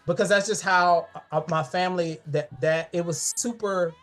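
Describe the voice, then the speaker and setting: A man's voice: sits high, fairly even intonation, normal speed, a bit bright, soft background music. Man giving a fond talk. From Columbia, South Carolina. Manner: fond, personal, with frequent restarts. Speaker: guest speaker. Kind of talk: online history talk showing family photos. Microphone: video call.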